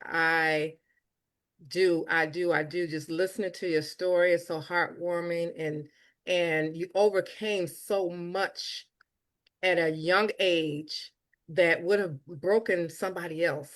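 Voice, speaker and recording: A woman's voice: lowish voice, steady tone, slow pace. A woman hosting an interview, talking earnestly and emphatically to her guest, repeating words as she presses her points. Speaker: host. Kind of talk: interview conversation.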